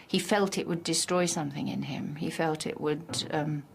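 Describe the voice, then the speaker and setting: A woman in a documentary interview, remembering a friend in a hesitant, gentle way. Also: sits low, moderate pace, creaky, slight background noise. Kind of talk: reflective interview.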